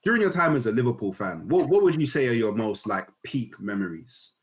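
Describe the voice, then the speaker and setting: A man's voice: medium pitch, big pitch swings, brisk. A man hosting a casual interview, asking eager, conversational questions. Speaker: interviewer, host.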